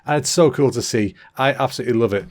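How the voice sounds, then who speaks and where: A man's voice: medium pitch, quick pace. A man with an English accent hosting a solo comedy podcast, rambling cheekily and swearing freely, often stopping to correct himself. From England. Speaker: podcast host.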